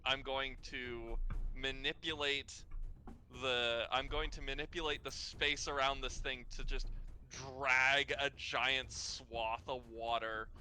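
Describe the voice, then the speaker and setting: A man's voice: mid-range voice, flat delivery, takes it slowly, sharp tone, soft background music. A man playing a tabletop game, explaining his moves casually and hesitantly, with many fillers. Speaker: player.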